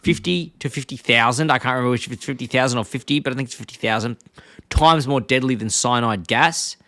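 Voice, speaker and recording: Fast-talking man, rambling. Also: medium pitch, bright, forceful tone, dry recording, studio quality. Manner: rambling, quotes characters in quick impressions. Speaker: podcast co-host. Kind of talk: casual chat.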